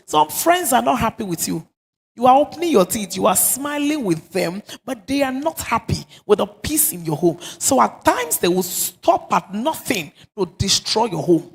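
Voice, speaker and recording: A woman's voice: a little high, sing-song, moderate pace, gravelly, breathy edge. A woman pastor with a Nigerian accent, preaching a sermon and repeating phrases for stress. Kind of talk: sermon on marriage. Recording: long reverb of a church hall.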